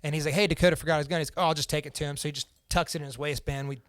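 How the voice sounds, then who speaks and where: A man's voice: on the high side, little pitch movement, very fast, a bit bright, dry recording. Casual young man telling a story. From Central Indiana. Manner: casual and profane, acts out the quoted lines. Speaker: podcast guest.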